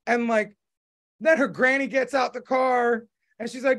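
A man with a very high, fairly bright voice and fairly even intonation hosts a podcast at a moderate pace. He chats casually and rambles, often restarting and using lots of fillers.

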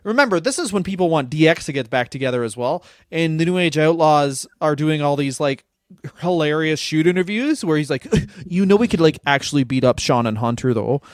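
A man co-hosting a comedy podcast, recapping stories in quick joking bursts and laughing often. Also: a little high, dry recording, clean studio sound. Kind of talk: casual comedic chat, recapping wrestling history.

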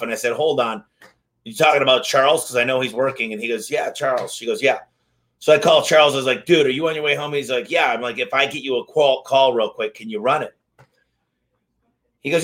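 A man who owns a service company, telling lively anecdotes in a casual interview and acting out the dialogue. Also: mid-range voice. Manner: energetic, fast-moving anecdotes with acted-out dialogue. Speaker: garage door company owner, guest.

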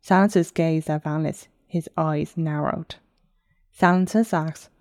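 A woman narrating her own fantasy novel in a steady, unhurried audiobook reading. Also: sits low, dry recording, clean studio sound.

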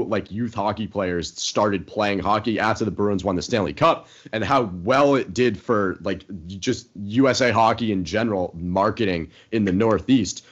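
A young man co-hosting a sports podcast, rambling confidently about his team with casual fillers. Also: on the low side. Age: young adult. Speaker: podcast co-host. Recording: dull lo-fi podcast audio.

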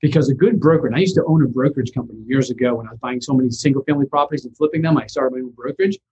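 Husky male investor guest, animated storyteller, raised pitch, dull lo-fi sound. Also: racing. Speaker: real estate investor guest. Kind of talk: casual storytelling interview.

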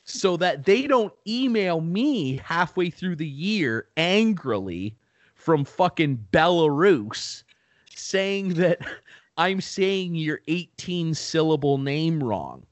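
A man's voice: a little high, slow pace, no echo. Young dude, sports radio guy, swears a lot, dry close sound, easygoing chat. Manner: loose, swearing, animated storytelling. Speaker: local sports broadcaster. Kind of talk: casual podcast chat.

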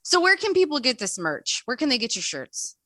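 A woman co-hosting a casual interview, enthusiastic and quick to laugh. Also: high voice, sing-song, pushed and bright, no room sound. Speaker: interview co-host.

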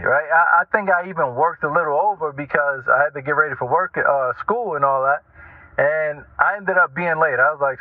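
A man telling casual stories as a radio talk host, animated and chatty, often checking in with the listener. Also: fairly high pitch, brisk, dry recording. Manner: animated, chatty, keeps asking "right?". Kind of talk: casual storytelling monologue. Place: lives in Norfolk, Virginia. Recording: tinny phone-like line, dry.

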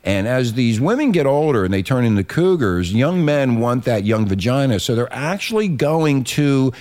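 A man's voice: mid-range voice, big pitch swings, moderate pace, a little mellow. Rambling, crude male radio host. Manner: rambling, loose and profane. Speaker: radio talk show host. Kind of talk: crude radio talk show banter.

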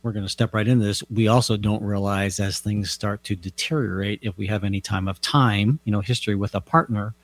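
A man's voice: lowish voice, fairly even intonation, fairly quick, hardly any pauses, no echo. A man co-hosting a conversation about relationships, asking questions hesitantly and searching for words. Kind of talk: casual chat.

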